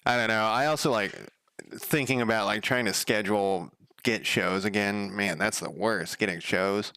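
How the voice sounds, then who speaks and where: At a normal speed, in a clear, resonant voice with no room sound, a man chats casually while streaming game coding. His rambling story is loose and profane, thick with fillers, and his voice gets louder and higher when he imitates what others said.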